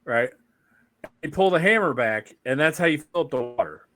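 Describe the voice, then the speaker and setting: A man's voice: fairly high pitch, expressive, moderate pace, fairly bright tone. Joking man co-hosting a podcast. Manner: joking, teasing. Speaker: podcast co-host. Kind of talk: casual chat.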